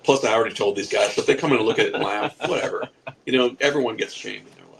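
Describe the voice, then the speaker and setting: A man's voice: on the low side, rapid-fire, vocal fry, fairly bright tone, a little hiss or hum, rough recording. A man in his forties telling a rambling, profane comic story on a podcast, laughing at his own jokes. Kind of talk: casual comic anecdote.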